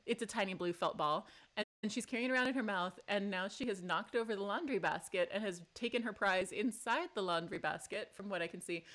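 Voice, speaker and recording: Woman streamer at home, chatty and giggly, quick sarcastic asides. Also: medium pitch, fairly bright tone. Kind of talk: live game playthrough with commentary. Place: home room.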